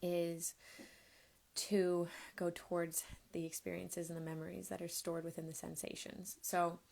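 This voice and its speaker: A woman somatics coach giving a live-streamed teaching talk, explaining in a gentle, unhurried way. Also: on the low side, little pitch movement, vocal fry.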